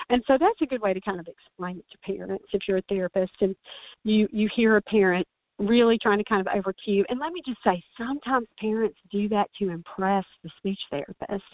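A woman's voice: a little high, moderate pace, no room sound. A woman speech-language pathologist hosting a podcast, explaining things to parents in an earnest, coaching way and often restarting her sentences. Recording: dry, phone-like narrow sound.

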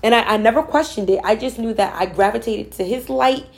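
A woman's voice: fairly high pitch, fairly quick, creaky. Woman talking spirit and manifesting, earnest and emphatic, repeats herself, casual storytelling. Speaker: spiritual speaker. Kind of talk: personal storytelling about manifesting.

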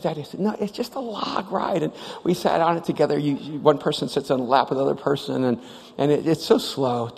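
A man preaching a sermon, telling stories animatedly, acting out the voices and often restarting his sentences. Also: on the high side. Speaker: pastor. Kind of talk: sermon storytelling. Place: large church hall. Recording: live church hall with reverb.

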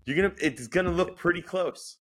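A man's voice: sits high, fairly quick. A man co-hosting a sports podcast, ranting goofily and swearing casually. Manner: animated, swears, goofy rants. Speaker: podcast co-host.

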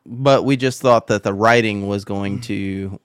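A man co-hosts a casual wrestling review podcast, laid-back and blunt, with casual swearing. His voice is smooth and resonant. It is recorded dry and close, with no room echo. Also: lowish voice, measured pace. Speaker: podcast co-host.

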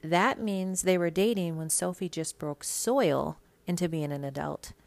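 This podcast host, a woman from Minnesota, talks gossip in a low, heavily fried voice at a measured pace. The monologue is loose and casual, and she's blunt, sassy, and quick to swear.

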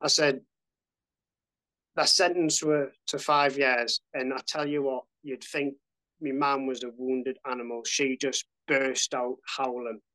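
A man's voice: mid-range voice, little pitch movement, slow, bright, forceful tone, poor audio. A man, a podcast guest telling his story bluntly, swearing freely and fighting back emotion. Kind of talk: casual storytelling.

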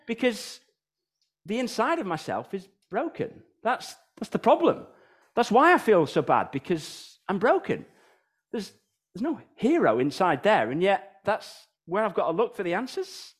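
A British man in his thirties preaches in a church, his voice swinging widely up and down as he builds his points. He sits a little high for a man and keeps firing rhetorical questions at the congregation. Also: unhurried, husky. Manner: animated, rhetorical questions, sings snatches of songs. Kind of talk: sermon.

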